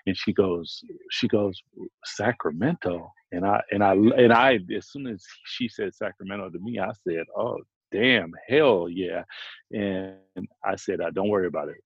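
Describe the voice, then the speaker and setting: Low-voiced man telling a story haltingly. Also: husky, no echo, highs cut off. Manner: halting, with many restarts and repeated words. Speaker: former pro basketball player, guest. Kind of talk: casual conversation, storytelling.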